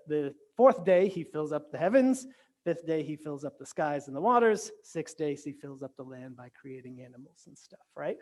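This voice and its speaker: A man's voice: high voice, darkish tone. A man giving a conversational virtual sermon as pastor, often asking "right?" and restarting his sentences. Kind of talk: casual sermon. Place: church or home, virtual sermon.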